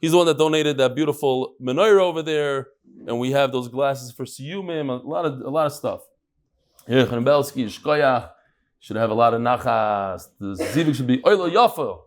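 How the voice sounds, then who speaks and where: A middle-aged man hosting and teaching a lively, joking Talmud class to a live group, mixing English with Hebrew and Aramaic terms. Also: medium pitch, moderate pace. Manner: animated, jokey, switching between English and Hebrew-Aramaic terms.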